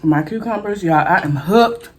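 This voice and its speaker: A woman's voice: lowish voice, lively intonation, normal speed, husky. A woman hosting a mukbang food vlog, chatting casually to her viewers as she eats. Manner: chatty, addresses viewers as y'all, eats between words. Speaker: food vlogger.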